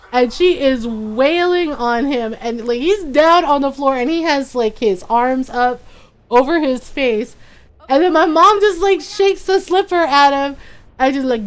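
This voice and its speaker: Woman, high voice, lively storyteller, casual stream chat, laughs a lot. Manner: animated storyteller, laughs often. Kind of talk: casual chat while gaming.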